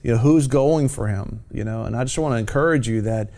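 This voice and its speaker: A man's voice: medium pitch, fairly quick, mellow. A man hosting a Christian television program, talking about faith in a fervent, exhorting preacher's cadence. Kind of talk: evangelistic TV talk.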